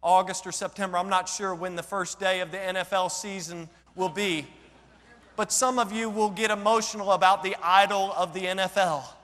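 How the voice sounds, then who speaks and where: A male pastor preaching a sermon in an animated way, joking and asking the congregation rhetorical questions. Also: sits high, normal speed, big-room sound.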